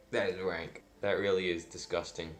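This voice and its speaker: Deep-voiced man rambling through a food review. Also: slight background noise. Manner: dry, self-deprecating, rambling with fillers. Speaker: food vlogger. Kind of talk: casual food review vlog.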